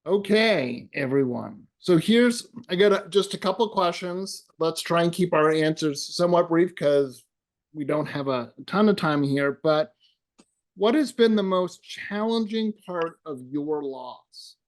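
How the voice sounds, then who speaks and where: A man moderating an online panel, opening the questions in a friendly, brisk way. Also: a little high, expressive.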